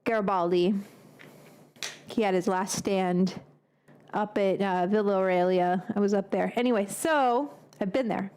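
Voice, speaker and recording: A woman's voice: medium pitch, measured pace, darkish tone, clear, resonant tone. A woman hosting a cooking live stream from a home kitchen, talking in a loose, rambling, chatty way with casual swearing and drifting off onto tangents.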